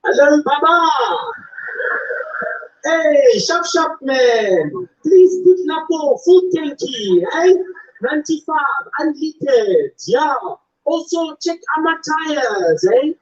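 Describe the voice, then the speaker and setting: Condescending driver played by a man, exaggerated slang, drawn-out delivery, lo-fi. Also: very high-pitched, lively intonation, reverberant, recorded from a distance, voice pushed up, full character voice. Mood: patronizing. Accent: exaggerated South African township slang. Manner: loud, slow, overdone, patronizing. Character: white South African driver talking down to an attendant.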